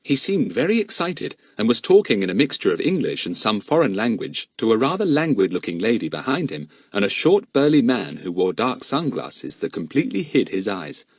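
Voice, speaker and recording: A man's voice: fairly low pitch, sing-song, brisk, few pauses, breathy edge, no echo, studio quality. A man reading a children's adventure audiobook aloud as narrator. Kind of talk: scripted narration.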